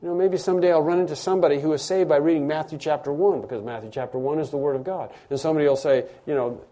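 A man preaching a sermon as pastor, emphatic, repeating phrases and rising to loud stresses. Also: fairly high pitch, rapid-fire.

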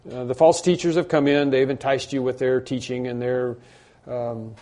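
Man, pastor, expository sermon, dark relaxed voice, fillers and restarts, emphatic bursts. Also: mid-range voice, normal speed. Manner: conversational preaching with frequent fillers and restarts; rises to emphatic bursts on key points.

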